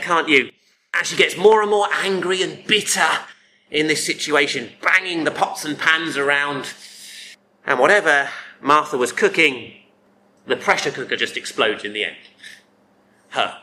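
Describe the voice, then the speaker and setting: A male preacher works through a passage slowly and deliberately in a bright, fairly high voice. He keeps checking in with the congregation using tag questions, which makes the sermon feel chatty, and there's slight background noise.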